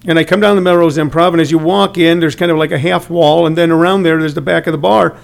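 High gravelly comedian telling stories. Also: male voice, quick pace. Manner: animated storyteller, acts out quotes. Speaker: comedian and comedy workshop teacher. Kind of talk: casual chat.

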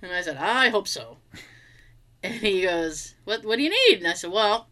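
A woman in casual chat, telling an everyday story in an animated way, acting out both sides of the dialogue and swearing freely. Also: medium pitch, normal speed.

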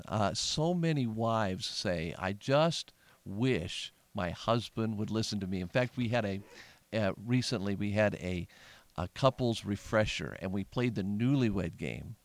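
A middle-aged man, a pastor, talking in a casual podcast conversation as an earnest storyteller who grows animated when retelling. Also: fairly low pitch, no echo.

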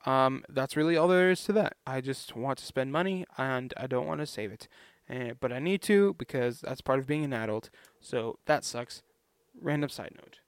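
A man's voice: mid-range voice, normal speed, clear, resonant tone, no room sound. A young man vlogging in a casual, rambling way, chatty and self-deprecating.

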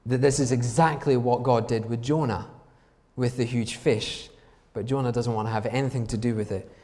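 A man's voice: medium pitch, darkish tone. A man preaching a sermon in an emphatic way, asking the congregation rhetorical questions. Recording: long reverb from a large hall.

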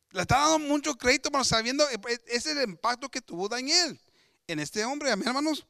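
A man's voice: extremely high pitch, animated, very fast, creaky, sharp tone, dry recording, clean studio sound. A man preaching an emphatic bilingual sermon, switching between Spanish and English and often calling out to his congregation. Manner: emphatic, repetitive, addressing the congregation as brothers.

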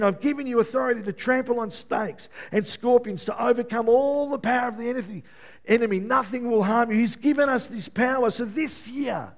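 High-voiced male pastor preaching. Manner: builds to loud exclaiming, then drops to quiet prayer tone. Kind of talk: sermon. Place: church with live congregation.

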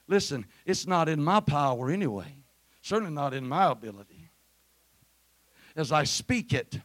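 High-voiced preacher, building to shouts. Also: male voice, no room sound. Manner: rises to shouted peaks, calls for amen. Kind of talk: Pentecostal sermon. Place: church sanctuary.

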